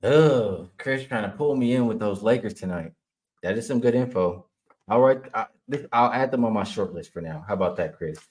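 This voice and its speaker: A man hosts a sports betting livestream, casually reading viewer chat aloud and answering it in a lowish, darkish voice that's animated at normal speed. He laughs often while reading comments but gets heated when ranting at a chat troll.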